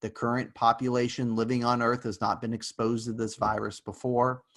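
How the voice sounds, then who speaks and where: A man teaching a university class over a video call, talking loosely with fillers and little jokes. His voice sits at an ordinary middle pitch and he drifts into quick asides. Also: little pitch movement, a bit bright. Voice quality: casual, joking, rambling with fillers. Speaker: university lecturer. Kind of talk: online lecture.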